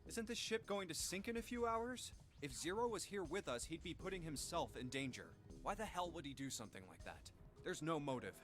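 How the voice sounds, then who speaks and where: A man's voice: fairly high pitch, sing-song, a little fast, fairly bright tone, faint music behind. A man voicing a brash, blunt young man who questions things skeptically.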